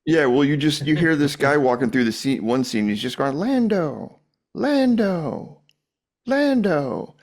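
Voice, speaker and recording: A man's voice: mid-range voice, fairly quick, hardly any pauses. A man guesting on a podcast, telling stories in a laid-back, chuckling way. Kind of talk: casual chat.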